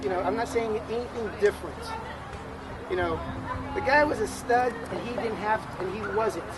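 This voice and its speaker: A middle-aged man speaks at a memorial for a lifelong friend, stumbling through restarts and fillers. His voice sits fairly high for a man. He is recorded outdoors with loud urban noise all around. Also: over a noisy crowd. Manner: halting, many restarts and fillers. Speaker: friend giving a eulogy. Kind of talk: memorial tribute speech.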